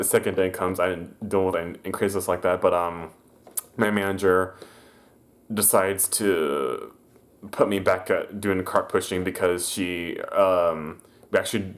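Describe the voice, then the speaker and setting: A man casually telling a story from his old job, rambling with many fillers and self-corrections. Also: low voice. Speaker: vlogger. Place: room at home.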